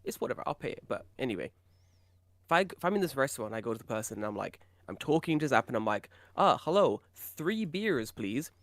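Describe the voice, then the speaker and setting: A British man co-hosting a podcast, chatting casually and telling animated stories with a lot of swearing. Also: mid-range voice, rapid-fire, dry recording. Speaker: podcast co-host.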